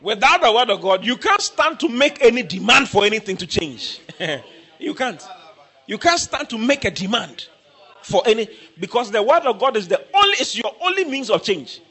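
A man preaching a sermon, emphatic and repetitive, breaking into shouts. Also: extremely high pitch, big pitch swings, fairly quick, breathy edge.

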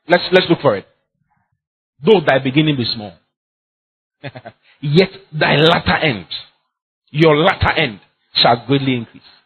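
A man's voice: sits high, a bit bright, breathy edge, lo-fi sound. A man preaching a sermon as pastor, emphatic and repetitive, often laughing as he speaks.

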